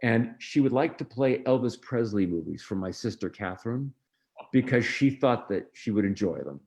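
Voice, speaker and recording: A man guesting on an interview, telling family anecdotes in a relaxed way, acting out quoted voices, with frequent ums and restarts. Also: mid-range voice, normal speed. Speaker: interview guest, film producer. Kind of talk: storytelling in a conversational interview.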